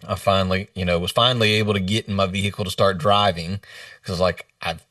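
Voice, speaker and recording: A man who is a leadership coach, telling a personal story in a podcast interview in an earnest, halting way, often quoting others. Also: low-pitched, steady tone, fairly bright tone, no room sound, clean studio sound, distant mic. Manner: earnest, halting retelling with quoted dialogue. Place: remote video call.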